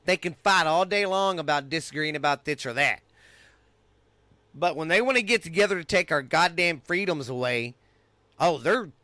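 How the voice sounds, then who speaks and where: A fired-up, middle-aged Texan man rants into the mic, swearing freely and getting more heated as he goes. His voice is bright and forceful, a little higher than most men's, and the sound is dry and close. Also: no echo. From United States. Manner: angry, profane, heated. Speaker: podcast host. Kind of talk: ranting monologue.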